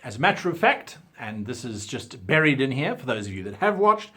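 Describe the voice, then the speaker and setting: A South African man with a careful British-style diction, hosting a talking-head advice video in a theatrical, emphatic way. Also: medium pitch. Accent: South African English, with crisp British-style diction. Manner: theatrical, lively delivery with drawn-out emphasis. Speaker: channel host.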